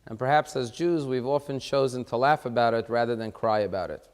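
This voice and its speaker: A man's voice: medium pitch, fairly quick, a little mellow, long reverb tail. A man giving a sermon as a rabbi, telling a joke in a wry, conversational storytelling way before turning to a serious question.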